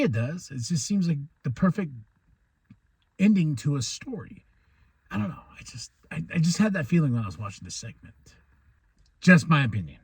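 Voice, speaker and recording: A man from New Mexico hosting a podcast, excitedly recapping a wrestling show, laughing often and acting out what the wrestlers said. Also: fairly high pitch, husky, no echo. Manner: excitable, laughs often, acts out quoted lines. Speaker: podcast host.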